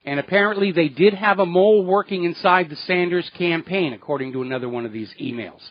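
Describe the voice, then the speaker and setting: A man's voice: high-pitched, fast, dry recording, lo-fi sound. A man hosting a political talk radio show, delivering indignant, sarcastic commentary.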